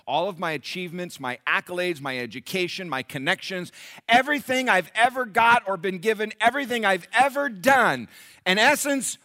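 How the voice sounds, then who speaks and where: A middle-aged man preaching a sermon to a congregation, animated, often jumping into loud acted-out voices. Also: a little high, no room sound, studio quality. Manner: animated, acts out bragging characters loudly. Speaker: pastor.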